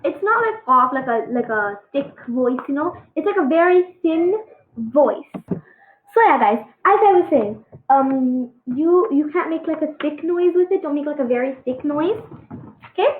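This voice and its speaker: A woman giving a casual pronunciation lesson on letter sounds, halting and full of fillers, encouraging her students. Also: high-pitched, animated, a little hiss or hum. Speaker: Arabic alphabet teacher. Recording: echoey, tinny phone-like sound.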